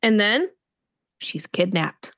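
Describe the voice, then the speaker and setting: A woman's voice: mid-range voice, takes it slowly. A woman co-hosting a book podcast, chatting casually and acting out scenes in little voices. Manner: animated, gushing, acts out scenes in voices. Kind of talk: casual chat.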